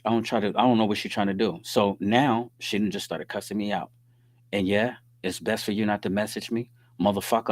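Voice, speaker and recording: A man hosting his own podcast, telling a story in a casual, animated way and reading out text messages. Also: on the low side, dry recording. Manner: animated, reads out text messages, frequent "you dig what I'm saying". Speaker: podcast host.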